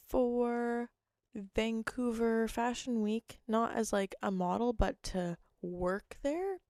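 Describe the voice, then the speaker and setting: A young woman hosting her own podcast, hoarse and rambling, jumping between thoughts and cutting herself off. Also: a little high, no echo, clean studio sound. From Canada. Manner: rambling, jumpy, self-interrupting. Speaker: podcast host. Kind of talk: casual solo chat.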